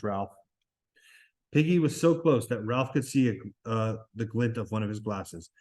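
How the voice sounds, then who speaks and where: A man's voice: mid-range voice, lively intonation, moderate pace. A man reading a novel aloud in class, stopping now and then to explain it, with restarts along the way. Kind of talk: classroom read-aloud with commentary.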